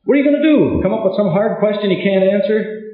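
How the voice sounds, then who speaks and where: A man gives a conversational lecture and tells stories, slipping into the voices of the people in them. His pitch swings widely from phrase to phrase. The sound is thin and tinny, with heavy echo from a big hall. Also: expressive, quick pace. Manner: storytelling, acts out both sides of dialogues. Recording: tinny, very echoey hall recording.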